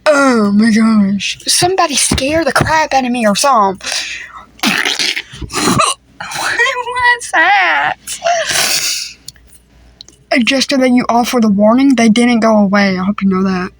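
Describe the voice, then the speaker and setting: A woman's voice: fairly high pitch, expressive, slow pace, long pauses, a bit bright. A woman improvising a comedy family skit, talking in a playful, teasing, slangy way. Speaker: creator voicing a family skit.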